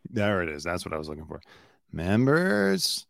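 A man's voice: a bass voice, racing, creaky, fairly bright tone, no echo, studio quality. A man hosting a podcast, chatting casually about a crime case and rambling with frequent restarts. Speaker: podcast host. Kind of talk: casual true-crime commentary.

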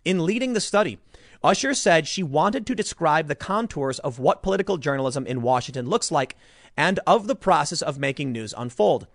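A man's voice: fairly high pitch, expressive, moderate pace, fairly bright tone, dry recording, clean studio sound. A man giving sarcastic political commentary, reading an article aloud with mocking asides.

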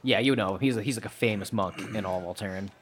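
Game master, male, low-leaning voice, loose and profane storyteller. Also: quick pace, slight background noise. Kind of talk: casual tabletop narration.

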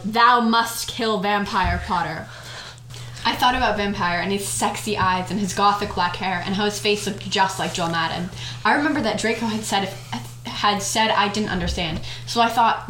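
A woman's voice: mid-range voice, a little fast, a bit bright, slight background noise. A young woman co-hosting a casual podcast, reading a fanfic aloud in a giggly, mock-dramatic way with frequent laughs. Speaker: podcast co-host. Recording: echoey room on a home mic.

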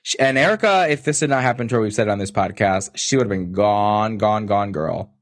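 A man with a lowish voice co-hosts a chatty podcast, gossiping with animated, jokey energy. His voice is recorded dry and close on the mic, with no room sound. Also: fairly quick, no room sound. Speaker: podcast co-host. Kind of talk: casual chat.

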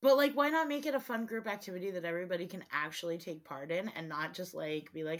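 A woman with a low-pitched voice chats on a podcast, telling stories with animated energy. She swears casually and keeps the tone loose and conversational. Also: quick pace, hardly any pauses. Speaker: podcast co-host. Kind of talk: casual chat.

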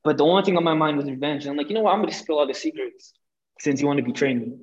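Rapid-fire and a little high-pitched, this young man recounts a personal story as a guest on a podcast. He gets animated, curses freely, and performs other people's lines, though the lo-fi audio sounds dull.

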